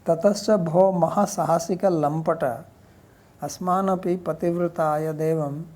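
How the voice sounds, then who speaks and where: A woman teaching a lecture on a Sanskrit commentary, reading verses quickly and then explaining them in plain, conversational English. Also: low-pitched, steady tone, a little mellow. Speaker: teacher of scripture.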